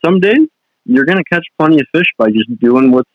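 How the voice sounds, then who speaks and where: The guest is a young adult fishing guide whose slightly high voice is expressive and fairly quick. He talks casually on a podcast, wandering off track and restarting a lot, in flat, dry audio.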